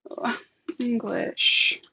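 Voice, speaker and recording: A woman co-hosting an online talk, chatting casually and thinking aloud while demonstrating software, laughing often. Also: extremely slow, slight background noise, poor audio. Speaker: webinar co-host. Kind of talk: casual live demo chat.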